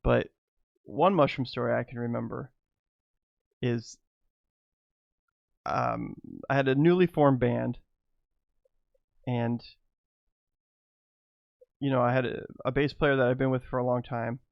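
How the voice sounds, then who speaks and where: A man's voice: medium pitch, fairly even intonation, measured pace, gravelly, pauses often, no echo, dull audio. A middle-aged man telling rambling personal stories to his viewers, laughing often between lines. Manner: loose and rambling, many fillers. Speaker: vlogger. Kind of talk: casual storytelling to camera.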